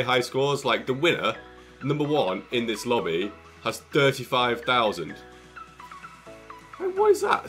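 A young man with an excitable, jokey manner, commentating on his own gameplay and exclaiming often. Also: medium pitch. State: out of breath. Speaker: gaming YouTuber.

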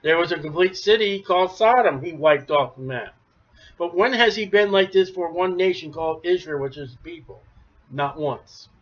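A man preaching a sermon, emphatic, rising to near shouts then dropping low. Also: normal speed. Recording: dull lo-fi recording.

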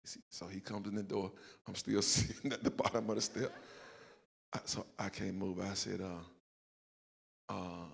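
A man's voice: sits low, flat delivery, measured pace, vocal fry, pauses often, breathy edge, long reverb tail. An older man, a pastor with a Southern US accent, telling a self-mocking personal story in a sermon and acting out the quotes. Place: church sanctuary.

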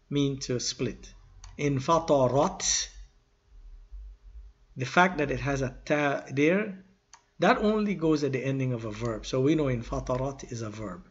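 A man teaching an Arabic grammar lesson in an informal style, reading verses quickly and then explaining them slowly with pauses and self-corrections. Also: mid-range voice, husky, lo-fi sound.

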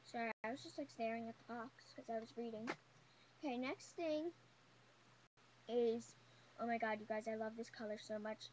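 A woman's voice: fairly high pitch, moderate pace, long pauses, a little mellow, a little hiss or hum, poor audio. Gushing young woman beauty vlogger. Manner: gushing, chatty, full of "like" and "oh my god". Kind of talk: casual haul video chat.

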